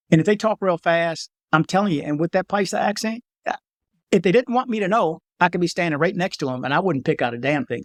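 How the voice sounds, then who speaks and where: Man, casual vlog monologue, emphatic warnings, slightly high voice, dry close mic. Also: no echo. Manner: emphatic, repeats warnings, animated asides. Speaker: travel vlogger.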